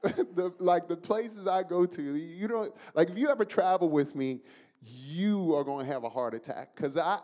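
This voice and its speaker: A man from the Bronx, preaching a sermon as an animated storyteller who laughs through his own story. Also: a little high. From the Bronx, New York.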